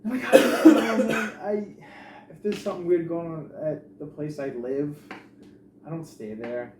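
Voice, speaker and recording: A man co-hosting a casual movie podcast, acting out quotes in a loud, profane, animated way. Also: a little high, moderate pace. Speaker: podcast co-host. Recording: echoey room with noise.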